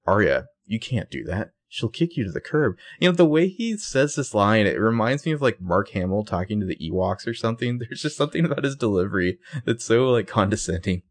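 A man co-hosting a casual recap chat, animated and sarcastic, jumping into high, loud voices when quoting characters. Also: brisk, few pauses, dry recording. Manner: profane and sarcastic. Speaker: podcast co-host.

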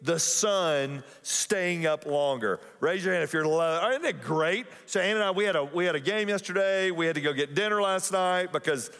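A man's voice: sits high, normal speed, few pauses, a bit bright, clear, resonant tone, long reverb tail. A male pastor giving a sermon in a church, conversational and joking, often putting questions to the congregation. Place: church auditorium.

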